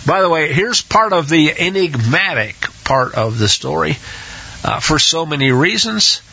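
A man's voice: a little high, animated, unhurried, vocal fry, pushed and bright, slightly rough. A man teaching a scripture study, hesitant with many restarts and acting out the quotes, on a dull lo-fi recording. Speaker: Bible teacher.

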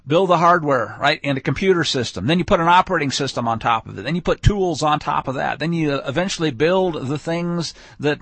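A man's voice: fairly high pitch, bright, forceful tone, no room sound. A man giving a conversational weekly scripture teaching, explaining verses with frequent fillers and restarts. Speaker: Bible teacher. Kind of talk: weekly Torah portion teaching.

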